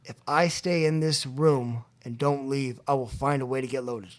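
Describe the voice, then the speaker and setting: A man's voice: medium pitch, steady tone, moderate pace. A young man as a podcast guest telling his recovery story, acting out the voices of people in it and laughing often. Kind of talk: storytelling about addiction recovery. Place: convention venue.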